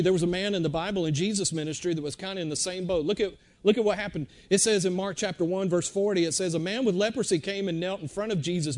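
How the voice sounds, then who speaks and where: A middle-aged man preaching a sermon in a conversational way, repeating words and swinging between loud and hushed. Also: sits high.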